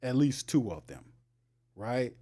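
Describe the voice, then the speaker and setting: A man's voice: mid-range voice, big pitch swings, slow pace, mellow. A man hosting a sports livestream, talking casually and animatedly, teasing his chat and laughing often. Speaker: sports show host.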